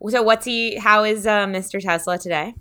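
A woman's voice: mid-range voice, moderate pace, pushed and bright. A woman hosting a casual podcast, chatty and giggly, with lots of filler words. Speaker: podcast host.

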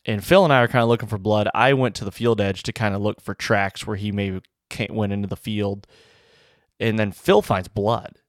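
Low-voiced man telling a hunting story. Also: moderate pace, no echo, clean studio sound. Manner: rambling, excited, full of "like" and "you know". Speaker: bowhunter. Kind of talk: casual storytelling to camera.

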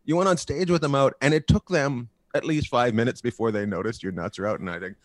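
A man's voice: mid-range voice, fast, no echo. A male guest comedian telling a road story in casual chat, profane and laughing as he goes.

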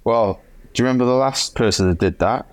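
A male professional cyclist telling a race story in a chatty, animated way on a podcast. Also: mid-range voice, fairly quick, no room sound. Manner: animated, chatty, acts out quotes. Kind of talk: casual storytelling chat.

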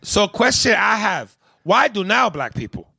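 A man putting on an exaggerated, high, shouting comic voice. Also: animated, a little fast, gravelly, no room sound, studio quality. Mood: mocking. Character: shrill excitable male caricature voice. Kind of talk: comic put-on voice.

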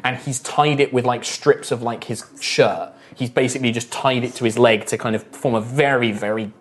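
A man narrating as game master in a relaxed, rambling way with many fillers. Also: mid-range voice, normal speed. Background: faint music.

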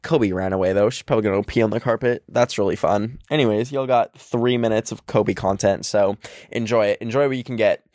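A man's voice: lowish voice, brisk, darkish tone, no room sound, clean studio sound. Rambling, chatty young man. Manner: chatty, rambling, full of "like" and laughs. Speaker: vlogger. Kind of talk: casual storytime. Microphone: handheld microphone.

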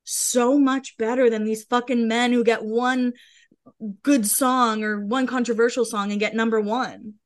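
A woman's voice: on the high side, steady tone, unhurried. A woman co-hosting a podcast in casual chat, talking bluntly and heatedly and swearing freely. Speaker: podcast co-host.

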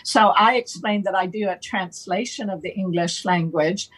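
A woman guest explaining playful wordplay in a relaxed conversational way, slow and deliberate, laughing now and then. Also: mid-range voice, husky, low-quality recording. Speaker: guest on a talk show.

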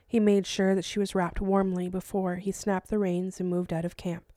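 A woman, an author, narrating her own novel as an audiobook in a steady, measured way. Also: medium pitch, dry recording, clean studio sound. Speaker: author and podcast host.

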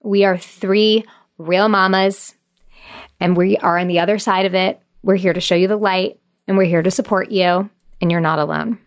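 A woman's voice: mid-range voice, fairly even intonation, moderate pace. A woman hosting a parenting podcast who chats casually and wraps up the show with reassuring words. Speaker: podcast host. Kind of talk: casual chat.

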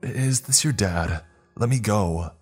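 A man's voice: fairly low pitch, animated, takes it slowly, husky, soft background music, voice pushed up, full character voice. A man voicing a terrified sixteen-year-old boy tied to a chair, panicked and pleading. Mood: frantic.

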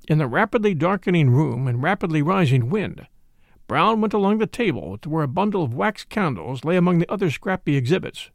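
A man narrating a classic mystery story in a measured, expressive storytelling style. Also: on the high side, vocal fry, no room sound, clean studio sound. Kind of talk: scripted audiobook narration.

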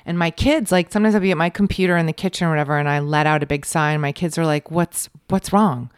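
A woman in her forties hosting a casual conversation, speaking softly and reflectively as she thinks aloud. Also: low-pitched, flat delivery, racing, clean tone, no echo, clean studio sound. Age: 40s. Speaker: podcast host.

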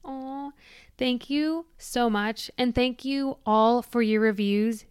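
On her own podcast, a Michigan woman in her twenties gushes bubbly and casual, using lots of "like"s. Her voice is on the high side and clean, and she takes it slowly; the studio sound is clean with no room tone.

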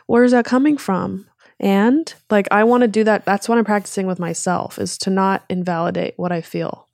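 A woman, pregnant, speaks as a guest on a relaxed chat show. She tells her stories with energy and acts out the other people in them. Her voice sits close to the mic in a dry room. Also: medium pitch, moderate pace, creaky, no echo. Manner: animated storytelling with quoted voices and laughs. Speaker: podcast guest, comedian. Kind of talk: casual chat.

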